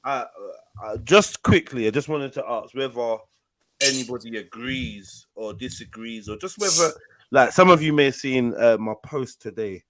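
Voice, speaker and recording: A man's voice: medium pitch, moderate pace, a crowd in the background, rough recording. Pushy man arguing on a panel. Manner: pushy, argumentative, blunt. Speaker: panel host. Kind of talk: live online panel discussion.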